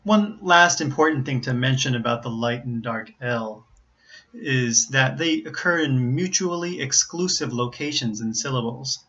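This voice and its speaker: American man, pronunciation teacher, bright clear voice, careful repeated examples, slightly dull recording. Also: medium pitch, lively intonation, a little slow. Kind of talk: explaining pronunciation to learners.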